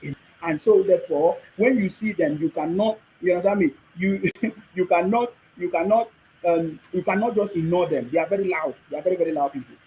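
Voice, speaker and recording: This is a man with a Nigerian accent and a noticeably high voice, hosting a live stream. He speaks emphatically, repeats his points, and talks back to his viewers' comments in a preachy way. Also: brisk, dark tone, a little hiss or hum, poor audio. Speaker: livestream host.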